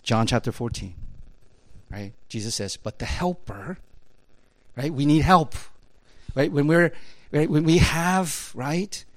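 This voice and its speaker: Animated conversational preacher, dry close sound. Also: male voice, takes it slowly, no room sound. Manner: conversational, peppers talk with "right?" and "you know"; animated, swings high and loud when emphatic. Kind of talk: sermon.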